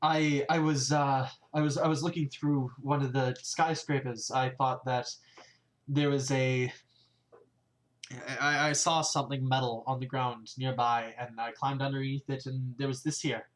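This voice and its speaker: Man doing a nervous male scout, stammering, apologetic, middle-pitched, tabletop game. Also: little pitch movement, a little slow, lightly acted. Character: nervous, eager young male colonist scout.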